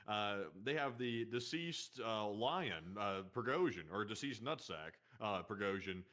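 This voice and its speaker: Laid-back lower-voiced male co-host. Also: expressive, sharp tone. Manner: laid-back, joking, halting with fillers. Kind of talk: casual chat.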